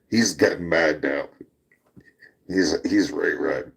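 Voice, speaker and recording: Super deep-voiced guy telling a crazy bar story, laughing and cussing. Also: takes it slowly, creaky, pauses often, husky. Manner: laughs while telling a rowdy bar-fight story, swears freely. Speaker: podcast host. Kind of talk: casual storytelling.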